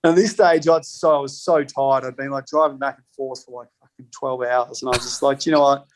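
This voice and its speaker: Man, podcast guest, loose anecdotal storytelling, profane, mid pitch. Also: fairly even intonation, brisk. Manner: rambling, heavy swearing, laughs between lines. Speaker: podcast guest, spirits company co-founder. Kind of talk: casual storytelling.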